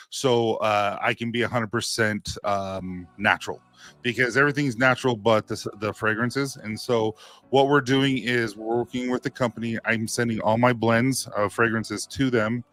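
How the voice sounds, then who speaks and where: A man's voice: mid-range voice, fairly bright tone, dry recording. A man hosting a casual livestream for his beard care products, rambling and laughing easily as he talks. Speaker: beard care company owner, livestream host.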